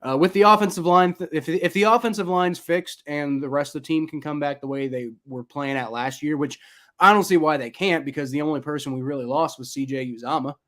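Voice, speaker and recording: A man's voice: on the high side, fairly quick, fairly bright tone. A man co-hosting a sports podcast in casual chat, rambling with many fillers and restarts. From Ohio. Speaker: podcast co-host.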